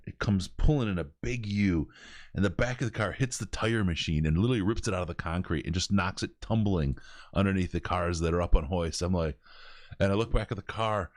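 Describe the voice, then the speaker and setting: A man hosting a podcast, telling stories in an animated way and laughing as he goes. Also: sits low, brisk, dry recording, clean studio sound. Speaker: podcast host. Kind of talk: casual storytelling.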